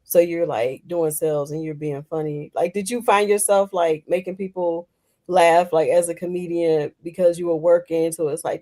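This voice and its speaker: A woman's voice: on the low side, fairly even intonation, normal speed, warm tone. A woman hosts a podcast in loose, rambling chat. She laughs often and trails through her questions as she goes. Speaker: podcast host. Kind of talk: casual interview chat.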